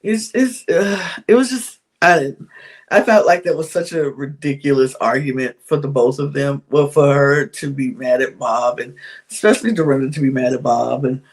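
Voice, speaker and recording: A woman's voice: rumbling low, normal speed. A woman hosting a podcast, giving a candid, chatty recap of a reality show, with frequent sighs and laughs. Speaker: podcast host.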